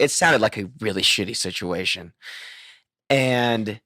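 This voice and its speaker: Male podcast host, low voice, dry close mic, swears a lot, laughs through his stories. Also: moderate pace, fairly bright tone, no room sound. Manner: crude, laughing storyteller. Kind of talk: casual podcast chat.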